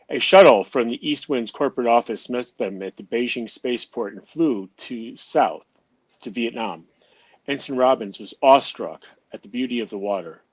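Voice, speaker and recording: A man narrating an amateur audio drama in a steady reading voice, now and then stumbling and restarting a phrase. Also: mid-range voice, slightly rough, no room sound, muffled recording.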